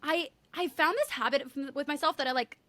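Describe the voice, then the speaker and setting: A woman's voice: high voice, a little fast, pushed and bright, no echo. A woman hosting a podcast, chatting candidly and swearing freely. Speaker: podcast host. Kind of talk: casual chat.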